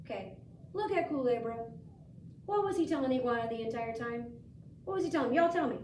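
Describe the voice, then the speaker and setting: A woman's voice: fairly high pitch, fast, a little hiss or hum. Woman teacher reading aloud, echoey far mic. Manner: gentle questioning, lively story voices. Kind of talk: reading a picture book aloud to a child. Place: school room.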